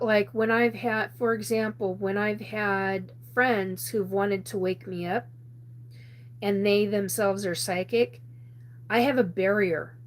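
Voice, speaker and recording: A woman hosting a live show, telling a personal story in a rambling way with many restarts and frequent laughter. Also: mid-range voice. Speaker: host.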